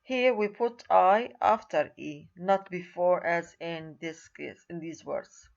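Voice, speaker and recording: Slow, careful woman lecturer. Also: on the low side, creaky, darkish tone, lo-fi sound. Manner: slow, repeats key words and points at examples. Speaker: university writing lecturer. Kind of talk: recorded lecture.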